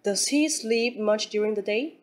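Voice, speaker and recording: A woman reading aloud and voicing a polite young gentleman in a courteous, measured way. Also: medium pitch, natural voice.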